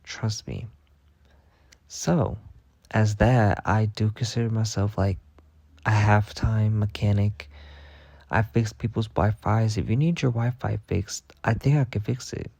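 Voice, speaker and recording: A young man telling a rambling, profane story in a casual monologue, packed with filler words and deadpan bragging. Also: lowish voice, measured pace, gravelly, no echo. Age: young adult. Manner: rambling, heavy on "like" fillers and swearing. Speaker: vlogger.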